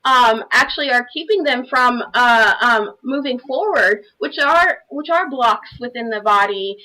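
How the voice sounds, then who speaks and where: A woman's voice: a little high, measured pace, pushed and bright, poor audio. A woman on a live panel, a life coach, sharing her personal story earnestly and from the heart, with many "you know" fillers over a video call.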